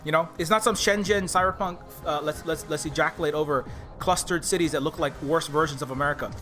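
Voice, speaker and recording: A man with a fairly high voice rants on a livestream, heated and full of swearing. He circles back to the same points again and again, padding them with ums and uhs. Soft music plays faintly behind him. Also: fairly even intonation, fast. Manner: heated, profane, repeats himself, lots of fillers. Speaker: streamer and indie game developer. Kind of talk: livestream rant.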